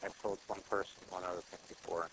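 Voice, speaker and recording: A man's voice: sits low, flat delivery, fast, noisy background. A man giving a conversational sermon, telling a story in a plain voice and repeating short exhortations. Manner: storytelling, acting out dialogue in plain voice; repetitive, exhortative phrasing. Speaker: preacher.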